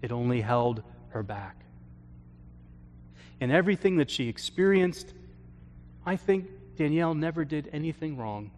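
A man, a pastor, telling a story from his counseling work in an earnest sermon, often trailing off softly at the ends of phrases. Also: a little high, expressive, slight background noise. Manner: slow, earnest storytelling with soft trailing endings. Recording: long hall reverb.

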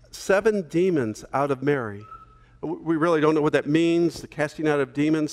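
A man preaching a sermon as pastor, telling a story in a relaxed conversational way with small fillers. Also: fairly high pitch, in a large hall.

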